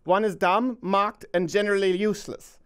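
A man's voice: sits high, normal speed, clear, resonant tone. A man hosting a comedic podcast, joking and laughing through the banter. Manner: animated, laughing, jokey delivery. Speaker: host.

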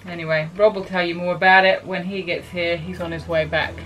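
A woman's voice: on the low side, level tone, brisk, fairly bright tone, rough recording. A woman from New Zealand with a New Zealand accent, a sailing vlogger talking casually and matter-of-factly to camera aboard a sailboat.

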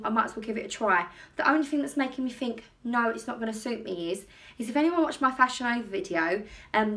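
A young woman talks her way through a clothing try-on at home. Her voice sits a little on the high side, and her chat is loose, rambling and self-deprecating. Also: fairly bright tone. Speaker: vlogger. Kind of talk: casual try-on haul chat. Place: home bedroom.

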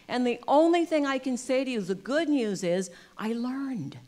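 A woman speaking as a guest at a church service, giving an inspirational talk on love and spirituality with self-deprecating humor. She swings from soft and intimate to loud and emphatic and acts out the voices of people in her stories. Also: mid-range voice, expressive, moderate pace. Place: in front of a live congregation.

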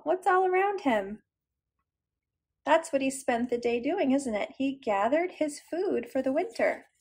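A woman's voice: high-pitched, gravelly, breathy edge. A woman leading a preschool circle time lesson and reading a picture book aloud, encouraging and sounding out letters. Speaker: preschool teacher.

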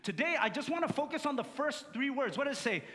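A male pastor delivers an animated sermon, telling stories and drawing call-and-response from the congregation. His voice sits high and sounds bright and forceful. It rings through a church sanctuary with a long reverb tail. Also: fast. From Samoa. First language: Samoan.

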